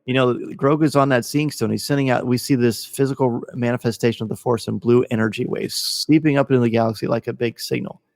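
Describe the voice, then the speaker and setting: A man hosting a casual podcast discussion, gushing and excitable as he tells a story. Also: mid-range voice, fast talker, creaky, few pauses, no room sound, studio quality, long reverb tail. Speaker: podcast host.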